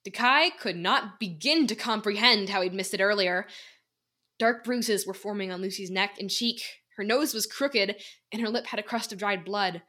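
A woman's voice: medium pitch, normal speed, bright, forceful tone. A teenage girl narrating a fan-written novel in an earnest, emotional storytelling way. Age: teens. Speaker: co-author and narrator. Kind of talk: amateur audiobook narration.

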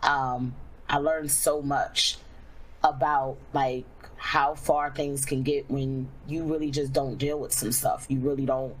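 With an extremely low, flat voice, a young woman streamer shares a personal story in a casual, candid way. She fills her speech with fillers and slows down in reflective moments, all captured on a low-quality recording.

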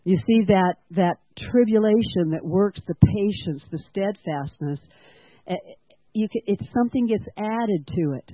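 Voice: medium pitch, a little slow, dry recording. Earnest sermon, preacher asking the congregation questions, tinny phone-like sound, dry. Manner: earnest, asks the congregation questions and has them repeat lines. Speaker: teacher at a church school.

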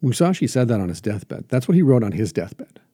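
A man's voice: mid-range voice, very animated, a little fast, mellow, slightly rough, dry recording, studio quality. A man hosting a reflective motivational monologue as a jiu-jitsu teacher, earnest and emphatic with lots of repetition.

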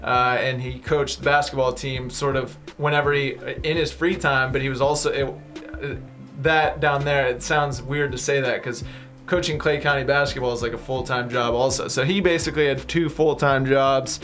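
A male author speaks as a guest on talk radio, his voice sitting at a middle pitch. He tells his stories in an earnest, steady way, with faint music under him. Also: moderate pace. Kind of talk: radio interview answers.

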